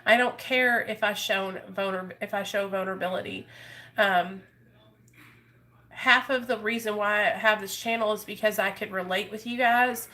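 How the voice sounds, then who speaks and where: A woman's voice: medium pitch, steady tone, moderate pace, bright, forceful tone. A woman YouTuber talking openly with her viewers in an earnest, emotional, rambling way. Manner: rambling, restarts often. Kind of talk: heartfelt live chat with viewers.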